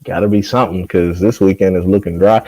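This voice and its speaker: Mellow-voiced man, profane casual host. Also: low-pitched, steady tone, quick pace, no room sound. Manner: profane, laughing storyteller. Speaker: podcast host. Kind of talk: casual chat.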